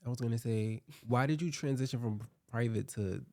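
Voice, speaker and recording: A man's voice: mid-range voice, fairly quick, darkish tone, no echo. Male podcast host, casual chat, crude and teasing, dry close sound. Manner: profane, teasing banter.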